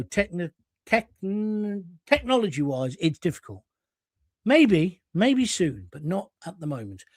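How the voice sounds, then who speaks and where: On a clean, dry studio recording, a high-voiced middle-aged English man runs a live stream and reads viewers' comments aloud. His casual chat is combative and blunt, and he swears without holding back.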